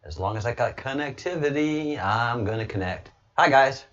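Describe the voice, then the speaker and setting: A man's voice: medium pitch, normal speed. Rambling man on a lo-fi livestream. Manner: rambling, swings into loud excited bursts. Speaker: livestreamer, political commentator. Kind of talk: casual livestream talk.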